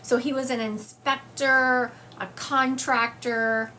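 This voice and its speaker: A woman's voice: high-pitched, flat delivery, slow, pushed and bright, slight background noise. A woman hosting a psychic livestream, chatting casually and reading viewer comments aloud with frequent fillers. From US South. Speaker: psychic medium livestream host. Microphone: phone or webcam livestream.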